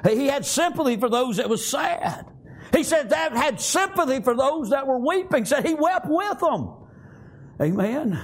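High-voiced fervent male preacher. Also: big pitch swings, unhurried. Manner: fervent, peppered with "praise God" and "amen". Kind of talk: sermon.

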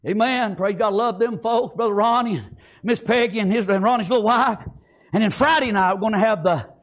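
A man's voice: sits high, brisk. An older male pastor preaching a fiery sermon in a folksy country dialect, breaking in with praise and amens.

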